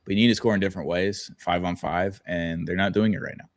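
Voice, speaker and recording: A man's voice: sits low, steady tone, fast. A young man co-hosting a sports podcast, rambling and joking with casual swearing. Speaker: podcast co-host.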